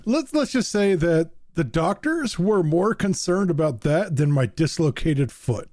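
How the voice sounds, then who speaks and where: A man's voice: a little high, lively intonation, measured pace, a little mellow, no room sound, clean studio sound. A man hosting a casual podcast chat, telling stories with frequent laughs and fillers. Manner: laughs often, tells stories with many fillers. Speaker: podcast host.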